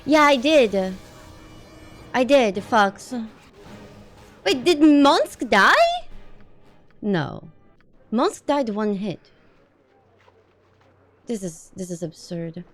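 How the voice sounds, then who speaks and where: Excitable woman streamer talking over a game; high, unhurried. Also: soft background music. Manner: excitable, swearing, panicky exclamations. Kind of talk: casual live-stream commentary.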